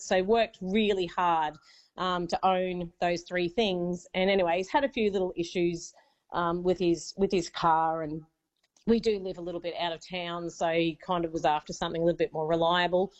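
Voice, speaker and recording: Australian woman in her forties, radio caller, rambling and chatty, muffled line. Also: on the low side. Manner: chatty, many fillers, becomes emotional. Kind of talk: telling a personal story on radio.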